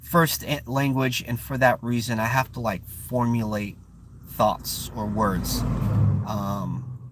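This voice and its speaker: A man's voice: medium pitch, fairly even intonation, unhurried, a bit bright, a little hiss or hum. A man with a Bay Area accent whose first language is not English, hosting a casual live-stream chat and often stopping to search for words. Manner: searching for words, frequent restarts and fillers. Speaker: channel host.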